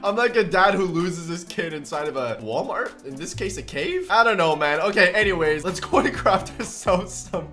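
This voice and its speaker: A young man giving excitable, jumpy gameplay commentary as a gaming video creator, often breaking into surprised gasps and shouts. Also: high voice, moderate pace, few pauses, faint music behind. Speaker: gaming YouTuber.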